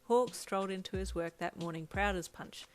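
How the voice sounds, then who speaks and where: Woman narrating over soft music. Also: medium pitch, normal speed. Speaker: fanfiction narrator. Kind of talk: second-person story narration. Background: lo-fi drum loop.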